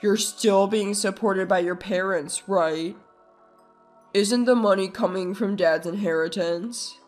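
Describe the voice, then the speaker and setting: A selfish grown brother, mocking and dismissive, with a lowered voice, as a woman reader puts him on. He sounds loud and flippant, a storybook bully. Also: slow pace, soft background music, close to an everyday voice.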